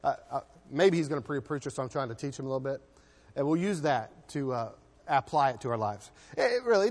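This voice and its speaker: Long reverb trails each phrase as a high-voiced man preaches a sermon in church. His emphatic delivery moves between loud and hushed passages, with frequent repeated words.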